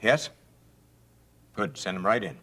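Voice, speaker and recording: Stern formal hospital chief, radio drama. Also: male voice, fairly low pitch, expressive, takes it slowly, heavy background noise. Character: stern male hospital administrator.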